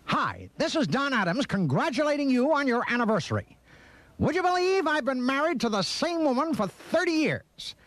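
A middle-aged man giving a comic anniversary greeting in clipped, deadpan punchlines. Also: extremely high pitch, moderate pace, no echo. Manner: clipped deadpan punchlines, repeated catchphrase setups. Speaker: comedian.

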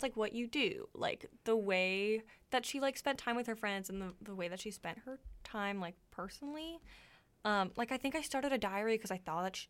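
A young woman co-hosts a radio show, her voice a little high and a bit bright. She chats casually, scattering "like" through her talk and giggling often.

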